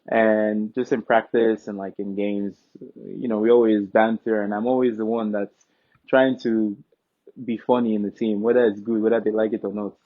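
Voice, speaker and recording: A young man from Nigeria, telling stories as an interview guest in a relaxed, joking way. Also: lowish voice, moderate pace. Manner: relaxed, joking, breaks into quoted dialogue. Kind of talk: casual interview storytelling. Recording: tinny phone-like line.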